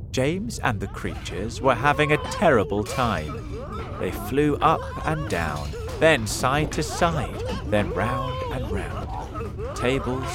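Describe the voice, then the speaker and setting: A man narrates a children's storybook aloud with very dramatic delivery. His voice climbs and dives over a wide range, and he keeps an unhurried, slow pace. The tone is mid-pitched and clear. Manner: very expressive, dramatic swings.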